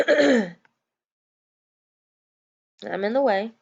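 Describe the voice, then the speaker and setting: A woman's voice: a little high, very slow, vocal fry, breathy edge, dull audio. A woman elementary school teacher, giving a playful, joking recorded lesson. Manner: playful, animated teacher talk with jokes.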